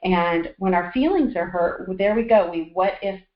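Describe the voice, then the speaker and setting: A woman's voice: fairly low pitch, normal speed. A woman hosting an interview, speaking in an encouraging, affirming way, recorded with a roomy, dull lo-fi sound. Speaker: host. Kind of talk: casual interview conversation.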